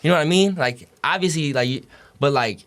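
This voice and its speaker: Fairly high-pitched and fairly bright, this young college basketball player talks fairly quickly as a podcast guest. He tells meandering stories in slang, with lots of swearing and fillers such as "you know what I'm saying".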